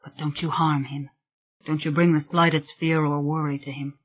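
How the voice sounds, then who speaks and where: A frightened young woman stands her ground, as voiced by an audiobook reader. She speaks low and hushed but firmly, issuing commands. The sound is dull and muffled. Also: level tone, moderate pace, lightly acted. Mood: defiant.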